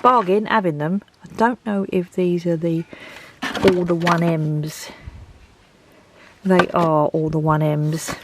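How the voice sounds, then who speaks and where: A woman's voice: fairly low pitch, noisy background. A woman chatting casually in a home craft vlog, rambling and thinking aloud as she sorts through her things. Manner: rambling, thinks aloud, talks to herself while sorting. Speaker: craft vlogger. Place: home craft room, indoors.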